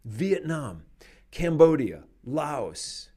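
A man in casual conversation, talking in an animated, opinionated way and laughing often. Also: a little high, extremely slow, breathy edge.

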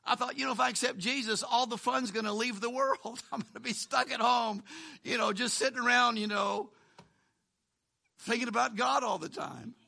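A man pastor preaching a sermon in a conversational way, swinging between loud emphasis and hushed lines, with asides and chuckles. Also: very high voice, fairly even intonation, normal speed, vocal fry.

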